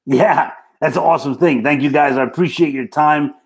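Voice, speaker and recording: A man's voice: fairly high pitch, steady tone, a little fast. A man with a Brooklyn accent, speaking as a franchise consultant guest in a casual interview, plain-spoken and easygoing.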